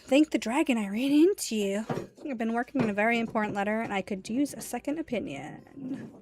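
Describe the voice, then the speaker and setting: A woman's voice: on the high side, a little fast, noisy background. A woman streamer chatting casually while she plays a game, reading lines aloud and laughing often. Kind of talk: casual gaming stream chat.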